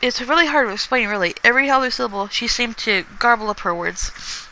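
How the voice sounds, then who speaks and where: Poor audio with a slight hiss or hum captures a woman whose bright, forceful voice runs on the high side at a moderate pace. She's reading her own story chapter aloud casually, tripping over and restarting words, self-correcting and breaking off to remark on what she wrote.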